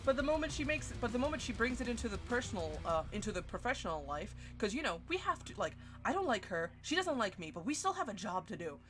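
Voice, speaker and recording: A woman in her twenties streaming, telling a story in a casual, animated and profane way. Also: on the high side, quick pace, hardly any pauses. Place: home streaming setup. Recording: stream audio with music underneath. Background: background music.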